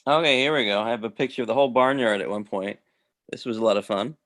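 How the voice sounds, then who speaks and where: A man's voice: medium pitch, fast talker, fairly bright tone. A man talking casually on a video call, rambling with lots of restarts and fillers. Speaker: host.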